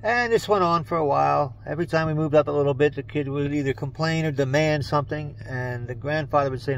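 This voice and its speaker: A man's voice: on the high side, fairly quick, few pauses, muffled recording, slight background noise. An older man casually telling a joke as a story, in a plain, chatty, folksy way. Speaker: joke teller and channel host.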